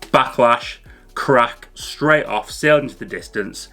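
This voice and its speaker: A man hosting a fishing channel talks through his gear in a relaxed, chatty way, with plenty of fillers and restarts. His voice is bright and forward, and his pitch sits in the middle of the male range. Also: takes it slowly, soft background music. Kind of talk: casual educational talk to camera.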